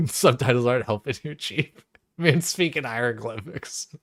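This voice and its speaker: A man's voice: mid-range voice, moderate pace, no echo, studio quality. A young man chatting casually and profanely on a game stream, laughing often. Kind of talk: casual live-stream chat.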